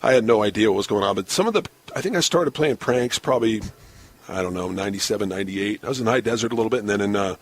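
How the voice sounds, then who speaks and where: A man in his forties, a baseball broadcaster, telling lively stories in a casual podcast interview and laughing often. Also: lowish voice, very fast. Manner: animated storyteller, laughs often, acts out quotes.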